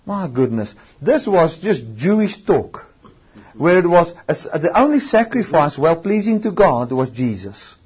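A man with a high, husky voice preaches a sermon, his pitch swinging widely as he stretches out key words for emphasis. He often restarts his sentences mid-thought. The recording sounds dull and lo-fi. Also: big pitch swings. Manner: emphatic, drawn-out stresses, frequent restarts.

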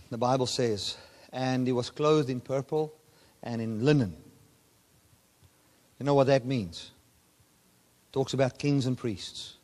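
A man preaching a sermon with a voice of middling pitch. He pushes his voice up for emphasis and then drops it to a murmur. The sound rings with a long reverb, as in a large hall. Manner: animated preaching, voice rising and dropping sharply for emphasis.

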